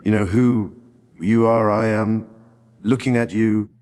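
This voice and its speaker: A man's voice: on the low side, steady tone, measured pace, a little mellow, clean tone, in a large hall, close to an everyday voice. A man playing a mock royal giving a pompous, formal Christmas greeting with sudden swearing. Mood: mock-regal. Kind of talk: parody royal speech.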